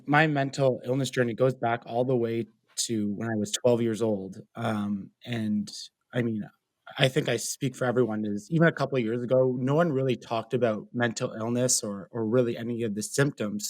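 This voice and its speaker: A young Canadian-accented man, a mental health advocate, is an interview guest earnestly sharing his personal story. He talks freely with lots of fillers in a mid-range voice at normal speed, and the recording is dry.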